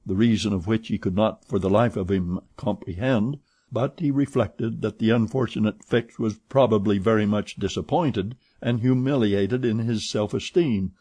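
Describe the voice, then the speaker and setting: Male audiobook narrator, low husky voice, steady measured read. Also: dry recording.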